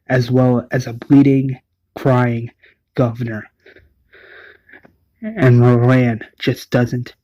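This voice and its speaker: A man talks through an episode's events at an unhurried pace, quoting the characters as he goes and stumbling into restarts. His voice sits at a middle pitch and sounds close and dry, with no room echo. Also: darkish tone. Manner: retells scenes with "is like" quotes and frequent restarts. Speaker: episode recapper. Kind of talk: casual plot recap.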